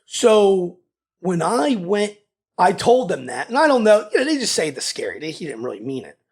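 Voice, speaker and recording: A man in his thirties with a Philadelphia accent, telling his story in a casual interview, animated and loose, saying "dude" a lot. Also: high voice, normal speed. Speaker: guest.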